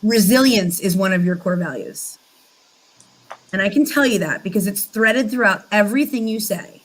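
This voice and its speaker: A woman's voice: mid-range voice, moderate pace, rough recording. A woman co-hosting a casual conversation about emotions, speaking in an earnest, coaching way. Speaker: co-host.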